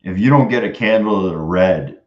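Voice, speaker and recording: A man's voice: deep voice, a little fast, echoey room, muffled recording. A young man giving loose, crude running commentary on his trades during a live stream, muttering to himself between bursts of banter. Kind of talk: casual running commentary while trading.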